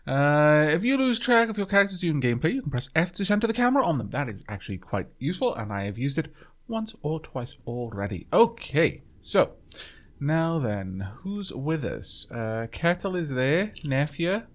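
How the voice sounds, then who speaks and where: A man's voice: fairly high pitch, very animated, moderate pace. A man hosting a game let's play, chatting casually with many fillers and reading the game's dialogue aloud. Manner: chatty, many ums and uhs, reads game text aloud.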